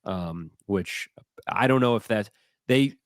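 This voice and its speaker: A lowish male voice telling loose, rambling, self-deprecating stories on a podcast. It is recorded close and dry, with no room echo. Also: takes it slowly. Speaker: podcast co-host. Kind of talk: casual comedic chat.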